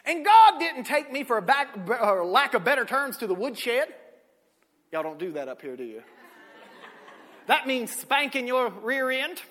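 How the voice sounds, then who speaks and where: A man, preaching a sermon with folksy stories, swinging from shouted peaks to low asides. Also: big pitch swings, measured pace. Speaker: pastor. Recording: echoey hall.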